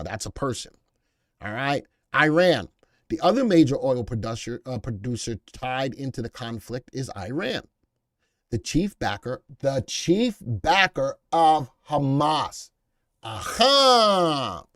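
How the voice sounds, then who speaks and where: A middle-aged man hosts a live market stream, reading headlines and talking back to his chat in an off-the-cuff, emphatic way. His voice jumps up when he drives a point home, then settles back down. The sound is close and dry, with no room echo. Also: medium pitch. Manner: reads headlines aloud, then talks back to viewers in chat. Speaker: live stock market show host.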